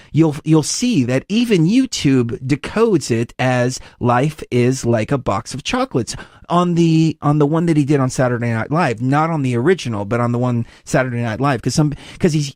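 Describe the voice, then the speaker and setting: Animated male podcast host. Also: mid-range voice, normal speed, no echo, studio quality. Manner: animated, rambling storyteller. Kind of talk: casual interview chat.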